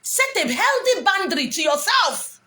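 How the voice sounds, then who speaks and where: A middle-aged Nigerian woman vlogger talks to camera in a very high, sing-song voice with a sharp tone at a moderate pace. In this advice rant she bluntly scolds her viewers, slipping in bits of pidgin.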